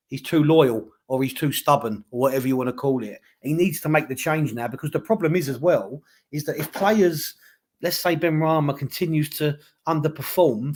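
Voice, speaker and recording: A man calmly talking football on a podcast, reasoning things through. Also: on the high side. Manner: measured, reasoning, asks for agreement. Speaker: podcast co-host. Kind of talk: casual football chat.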